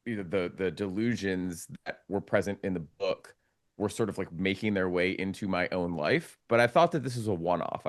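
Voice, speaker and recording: A man being interviewed as a documentary filmmaker, answering in a relaxed, rambling way with restarts. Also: low-pitched.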